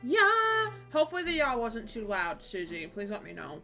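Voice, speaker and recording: A woman's voice: fairly high pitch, huge pitch swings, pushed and bright, soft background music. A woman streaming a game live, chatting casually with her viewers and often laughing. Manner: giggly, chatty, quick asides to chat. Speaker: Twitch streamer playing a game with a voice partner.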